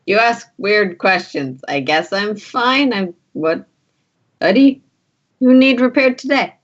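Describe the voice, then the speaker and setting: A woman voicing a gruff, no-nonsense repair droid in a tabletop game, brusque and businesslike. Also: medium pitch, expressive, slow, pitched above the performer's own voice. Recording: dull lo-fi sound.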